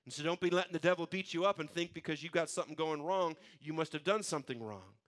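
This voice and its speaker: A man's voice: on the high side, fast talker, fairly bright tone. A male pastor, preaching a conversational sermon full of restarts and repeated words.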